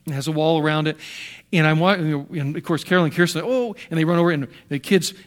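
A man's voice: on the high side, fast talker. An older American man preaching a sermon, telling stories animatedly with restarts and sound effects. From United States. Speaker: pastor.

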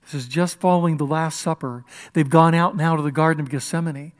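High-voiced man preaching with passion. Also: fairly even intonation, brisk. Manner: impassioned preaching, swings between loud and hushed. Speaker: pastor. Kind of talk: sermon.

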